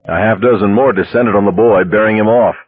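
A man narrating a story aloud in a steady, measured reading. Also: lowish voice, breathy edge. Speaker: audiobook narrator. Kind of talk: scripted narration. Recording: dry tinny phone-like sound.

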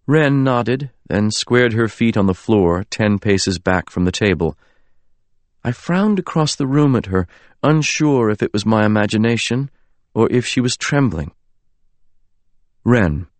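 A man narrating a novel in the first person, measured and earnest. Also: lowish voice, expressive, darkish tone, no echo. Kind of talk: scripted audiobook narration.

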